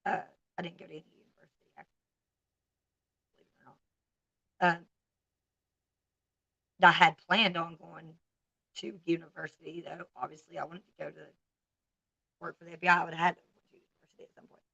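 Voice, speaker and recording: A woman's voice: fairly low pitch, level tone, fairly quick, vocal fry, pauses often, sharp tone, husky, no echo, muffled recording. A woman in her forties with a Southern US accent, chatting bluntly and candidly to viewers on a casual livestream. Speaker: livestream host.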